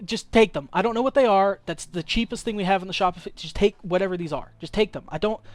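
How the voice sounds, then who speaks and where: A man voicing a panicked male magic shop owner who yells and swears in a frantic, high voice. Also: quick pace, no echo, close to an everyday voice. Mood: pleading.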